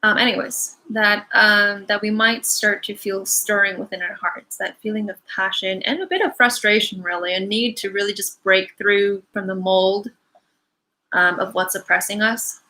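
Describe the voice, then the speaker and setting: Bright-voiced young woman rambling on a stream. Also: medium pitch, low-quality recording. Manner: rambling, many fillers, apologetic asides. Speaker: angel card reader hosting a live Q&A. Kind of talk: casual livestream chat. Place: her home, animals around.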